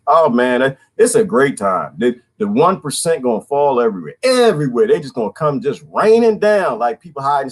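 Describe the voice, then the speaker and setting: Man, twenties, casual livestream rant, slangy, laughs a lot, very lively pitch. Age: 20s. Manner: animated, laughing often, slangy. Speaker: vlogger.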